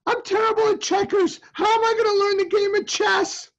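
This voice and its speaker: A man voicing his frightened twelve-year-old self, pleading in a high, strained voice. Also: flat delivery, moderate pace, gravelly. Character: whimpering twelve-year-old boy, scared. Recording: dull lo-fi sound.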